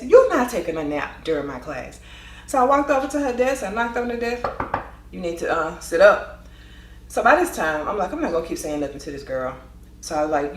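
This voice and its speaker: A woman telling a school story in a lively vlog style, acting out the voices with quick asides. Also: medium pitch, roomy sound. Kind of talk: storytime vlog, animated retelling.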